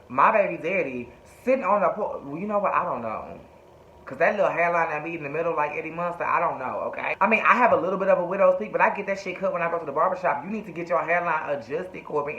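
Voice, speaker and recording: A sassy, chatty man recaps a TV show, cursing freely. His voice is fairly high and bright and tense. It sounds dull and lo-fi in an echoey room. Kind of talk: casual TV recap.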